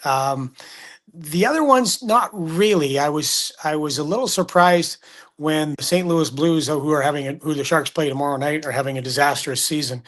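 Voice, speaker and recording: A middle-aged man, a hockey broadcaster telling stories in casual sports chat and acting out the quotes. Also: on the high side. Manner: animated storyteller, acts out quotes.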